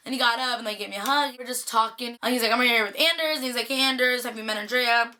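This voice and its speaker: A young woman from the Bay Area telling a casual storytime vlog, chatty and animated, full of "like" fillers. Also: on the high side, fast talker. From Bay Area, California. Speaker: vlogger.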